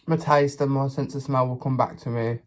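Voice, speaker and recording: A man's voice: mid-range voice, steady tone, a little fast. Chatty man eating on camera. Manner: chatty, sassy, talks with his mouth full. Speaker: mukbang vlogger. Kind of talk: casual chat while eating.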